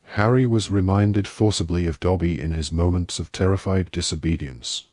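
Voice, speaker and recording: A man narrating an audiobook in measured storytelling. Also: sits low, darkish tone, no echo, studio quality.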